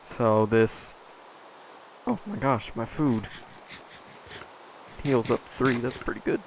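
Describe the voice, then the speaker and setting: Here a teenage gamer talks casually over his gameplay, wandering from point to point, using plenty of fillers, and losing the thread partway through. His mid-range voice is very animated yet unhurried. It's a low-quality recording with a touch of background noise.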